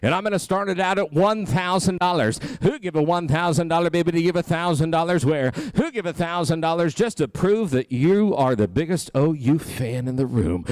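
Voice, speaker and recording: A man calling a live charity auction, rattling off bids in a fast rhythmic chant and joking with the crowd. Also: fairly high pitch, lively intonation, smooth, no room sound. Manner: playful crowd banter. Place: banquet hall at a gala.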